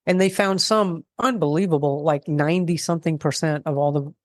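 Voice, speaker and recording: A middle-aged woman talking casually as a guest, animated and rambling with many restarts. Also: low-pitched, a little fast, no echo, studio quality. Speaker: guest expert on food self-reliance. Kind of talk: casual interview talk.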